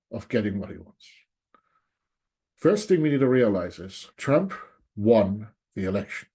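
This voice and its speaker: A man with a dark, mellow voice holds forth in a solo monologue. He is angry and sarcastic, stressing each point and repeating his firm claims, while his pitch sits at an ordinary middle level. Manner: repeats "there's no doubt" for emphasis. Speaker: political commentator.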